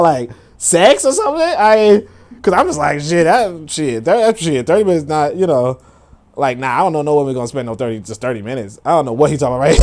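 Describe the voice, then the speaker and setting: A man's voice: fairly high pitch, animated, fast talker, a little mellow. A young man hosting a podcast, casually reacting to social media posts, incredulous, laughing and profane, repeating his questions. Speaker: podcast host.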